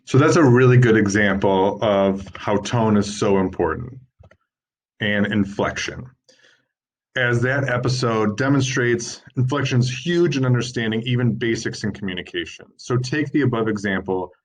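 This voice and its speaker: A man's voice: lowish voice, moderate pace. A man in his thirties giving an informal lecture at a workshop, explaining points steadily and listing them one by one as he reads from slides. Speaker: workshop presenter.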